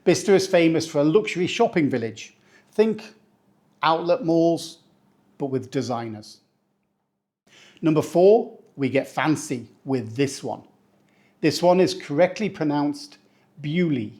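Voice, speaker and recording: A man from England, a teacher giving a playful pronunciation lesson who slows down to say each word. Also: on the high side, animated, a little mellow. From northeast England. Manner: playful, slows down to spell out words. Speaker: English teacher.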